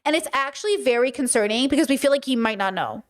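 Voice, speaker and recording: A young woman hosting a casual livestream, talking in an animated, chatty way and slipping into mimicked voices. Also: high-pitched, fast talker. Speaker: livestream host.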